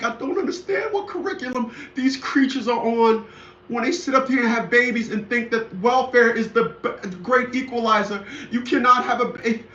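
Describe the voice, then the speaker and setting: Ranting man with a high, bright voice. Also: slight background noise. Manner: rambling, repetitive, indignant. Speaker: commentator. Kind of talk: ranting monologue. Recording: echoey, dull lo-fi room sound.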